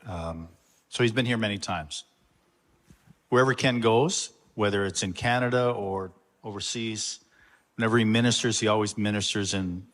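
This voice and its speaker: A man, the pastor, earnestly introducing a guest to his congregation, with halting pauses. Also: on the low side, a bit bright. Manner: earnest, halting address with fillers. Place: church sanctuary. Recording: long church reverb.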